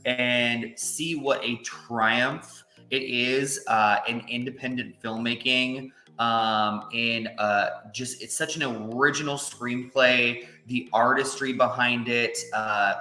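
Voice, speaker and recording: Bright-voiced man, roomy echo. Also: medium pitch, fairly even intonation. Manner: measured and agreeable, with many fillers. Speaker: podcast co-host. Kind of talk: casual film discussion.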